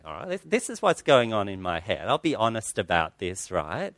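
A man's voice: fairly low pitch, very animated, moderate pace, few pauses, a bit bright, no echo. Earnest man preaching, dry sound. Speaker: pastor. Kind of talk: sermon with personal story. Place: church.

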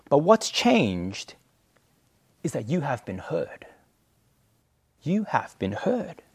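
Male pastor, fairly high voice, dramatic storytelling sermon, swings from hushed to emphatic. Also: no echo, clean studio sound.

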